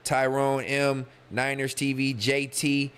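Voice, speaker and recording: A man's voice: medium pitch, little pitch movement, slow, fairly bright tone, smooth. A young man hosting a livestream, riffing loosely and profanely and talking straight to his chat. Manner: loose, slangy and profane, talks to chat directly. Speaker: podcast host streaming live. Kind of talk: casual livestream monologue, reading chat.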